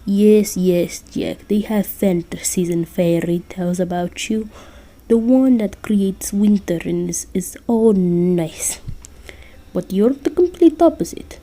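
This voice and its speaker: A woman's voice: mid-range voice, measured pace. Santa, read by a woman, a lecturing old man. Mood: scolding. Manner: lecturing, sometimes hushed. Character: jolly old man Santa, scolding and fatherly.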